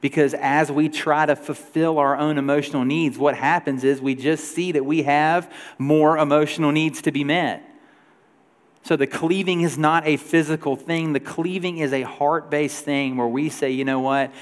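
A man in his forties preaching a sermon as pastor, telling a story in a loose, conversational way with shifting pace and loudness. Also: a little high, steady tone, normal speed. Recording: long hall reverb.

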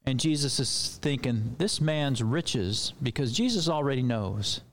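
A man's voice: medium pitch, animated, a little slow, a little hiss or hum. A man preaching a sermon in a loose, conversational way with rambling asides.

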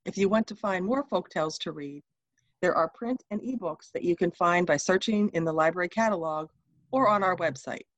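A woman's voice: on the low side, a little fast, no room sound, muffled recording. A woman presenting for a library, reading her lines in a scripted discussion.

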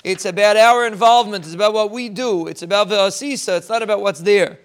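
A man's voice: sits high, clear, resonant tone. A man, giving an informal Torah talk that he explains step by step. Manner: explains step by step, ends in a fast rising string of blessings. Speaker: rabbi giving a short Torah thought.

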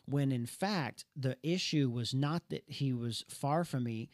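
A man's voice: medium pitch, a little slow, a little mellow, no echo, studio quality. A young man co-hosting a casual talk, telling a personal story earnestly with many restarts. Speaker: podcast co-host.

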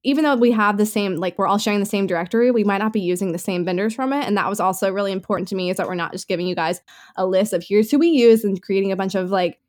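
A woman's voice: medium pitch, racing, darkish tone. Woman, podcast co-host, casual chat, upbeat, rambling, lots of ums. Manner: chatty, filler-heavy, upbeat.

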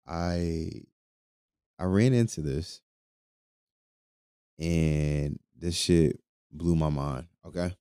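A man's voice: low voice, extremely slow, pauses often, warm tone, clear, resonant tone, no echo, clean studio sound. A young man hosting a casual podcast, talking loosely with lots of profanity and laughing between lines. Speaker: podcast host. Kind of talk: casual solo podcast commentary.

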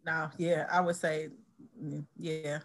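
A woman's voice: sits low, flat delivery, slow pace. A woman co-hosting a casual movie podcast, agreeable, laughing, giving short replies. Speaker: podcast co-host.

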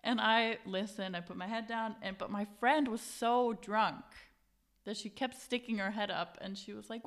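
Young woman, casual storyteller, animated with voices, swears freely. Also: mid-range voice, normal speed. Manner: animated, acts out quotes, swears, laughs often. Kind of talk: casual chat.

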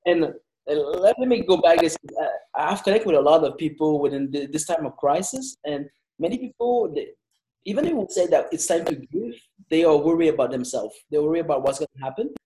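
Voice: mid-range voice, lively intonation, brisk, mellow, low-quality recording. A friendly interviewer who laughs often while asking questions.

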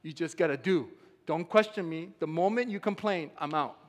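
A man preaching a sermon as a pastor, emphatic and rising to loud shouts. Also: fairly high pitch, normal speed. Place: church sanctuary. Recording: long hall reverb.

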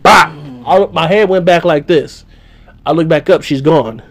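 A young man in casual podcast talk, telling a story with lively sound effects and a voice that climbs when he gets excited. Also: on the high side, a little slow. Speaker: podcast host.

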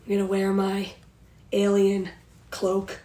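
A woman's voice: medium pitch, monotone, slow pace, mellow, reverberant. A young woman co-hosting a casual podcast chat, laid-back and laughing along. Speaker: podcast co-host.

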